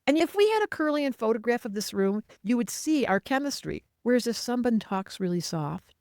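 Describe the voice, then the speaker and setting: A woman astrologer talking as a guest in a casual interview, animated and emphatic, speaking in quick bursts. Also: a little high, no room sound, clean studio sound.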